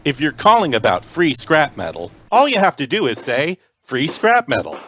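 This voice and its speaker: A man making a prank phone call in a deadpan mock automated phone-menu voice. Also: a little high, moderate pace. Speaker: prank caller.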